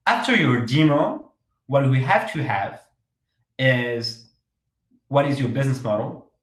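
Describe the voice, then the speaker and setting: Man coaching startup pitches, roomy echo. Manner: frequent fillers and restarts, direct advice. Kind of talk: workshop talk.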